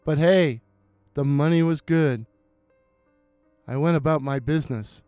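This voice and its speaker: A man narrating a scripted horror story in a measured, suspenseful way. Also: on the high side, a little mellow, smooth, no echo, soft background music.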